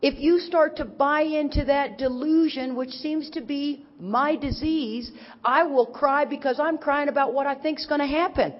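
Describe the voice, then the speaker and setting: A middle-aged woman from Texas talks to a crowd with folksy, teasing energy. Her voice sits fairly high. The recording is muffled and carries a long echo from a big conference hall. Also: a little slow. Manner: animated and folksy, teasing the audience. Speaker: recovery speaker. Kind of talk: recovery talk to a crowd.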